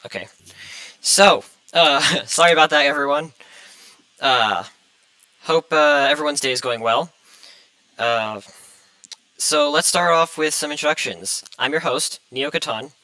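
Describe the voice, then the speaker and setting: A man's voice: fairly high pitch, a little slow, pauses often, bright, forceful tone, no echo, poor audio. A young man hosting a casual student podcast, hesitant and full of fillers, a little flustered. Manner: hesitant, many fillers, flustered by tech trouble. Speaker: podcast host.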